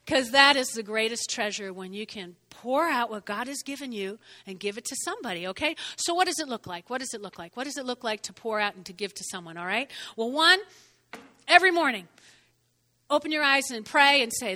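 An older woman preaching a sermon in an animated way, often checking in with "okay?" and "all right?". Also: a little high, fairly quick. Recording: reverberant hall.

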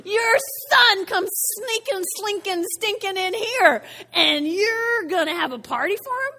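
Woman playing a shouting, indignant older brother. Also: mid-range voice, sing-song, slow, slight background noise, full character voice. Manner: whining, shouting complaint. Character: resentful older brother, young man, indignant. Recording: long church hall reverb.

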